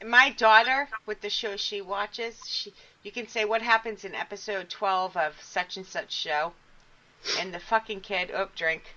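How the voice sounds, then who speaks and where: A woman co-hosting a chat show, teasing and offhand, often trailing off quietly. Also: medium pitch, fairly even intonation, a little slow. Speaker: podcast co-host. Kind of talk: casual chat. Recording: dull lo-fi stream audio.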